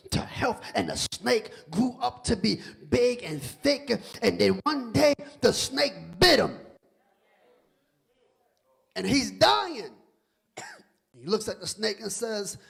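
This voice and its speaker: High, gravelly-voiced male preacher. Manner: conversational preaching that rises to shouting, with stammered repeats; humorous, teasing the congregation. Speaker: pastor. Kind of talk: sermon.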